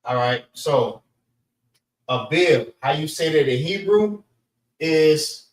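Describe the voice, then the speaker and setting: A man teaching a class, relaxed and casual, often saying "all right" between points. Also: on the high side, slow, echoey room, poor audio.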